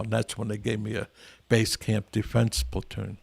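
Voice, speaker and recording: A man's voice: lowish voice, monotone, moderate pace, vocal fry, a little mellow, dry recording. An older man, a veteran guest, telling stories in a rambling, earnest way with frequent restarts. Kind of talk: casual storytelling interview.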